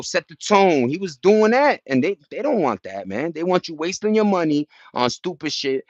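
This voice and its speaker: A man's voice: medium pitch, fairly bright tone, dry recording. A young man hosting a casual chat, rambling in slang with many restarts. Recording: dull dry lo-fi sound.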